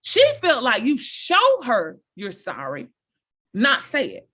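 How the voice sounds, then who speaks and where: A woman talking casually to her viewers, giving animated, preachy advice and repeating her points. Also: a little high, takes it slowly, husky. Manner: animated, repeats phrases, addresses viewers directly; preachy, encouraging. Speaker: motivational speaker.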